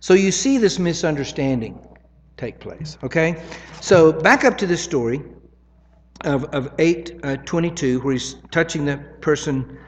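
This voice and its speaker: A male preacher walks through scripture in a relaxed, talky way, pausing to check in with his listeners. His voice sits a touch high, and a long reverb hangs behind it. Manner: conversational teaching, tags points with "right?". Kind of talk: sermon.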